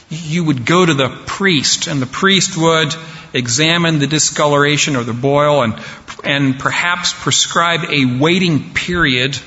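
Slow, deliberate male preacher. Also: fairly high pitch, bright, forceful tone. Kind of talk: sermon. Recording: dull sound with long hall reverb.

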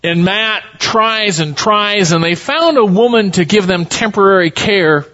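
A man's voice: high voice, a little slow, bright, forceful tone, muffled recording. A male pastor preaching a sermon in a folksy, storytelling way.

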